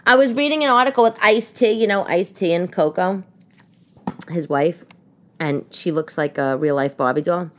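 Podcast host, woman, New York accent, lowish voice, animated casual storyteller. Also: normal speed. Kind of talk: casual chat. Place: living room.

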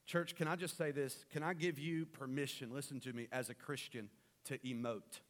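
A man preaching a sermon as pastor, swinging between loud rallying calls and quiet, intimate stretches. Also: medium pitch, steady tone, normal speed.

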